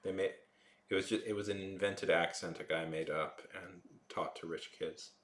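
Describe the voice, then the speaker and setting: Chatty low-voiced man in an echoey room. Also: fairly even intonation, normal speed, a bit bright. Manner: rambling, chatty, trails off with fillers. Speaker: streamer chatting with viewers. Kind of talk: casual live-stream chat.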